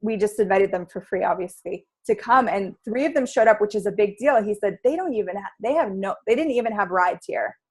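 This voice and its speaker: A woman interview guest speaks about her workshops with heartfelt enthusiasm, in an ordinary middle pitch. She talks in a loose, casual way and often drops "like" into her sentences. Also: expressive, fairly quick, few pauses, breathy edge. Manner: enthusiastic, heartfelt, with frequent "like" fillers.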